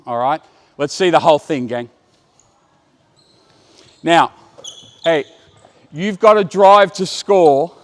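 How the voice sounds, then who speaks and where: Basketball coach barking drills on court. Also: male voice, a little high, expressive. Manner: brisk commands mixed with explanation to onlookers. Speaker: basketball coach running a clinic. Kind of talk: coaching clinic, instructing players on court.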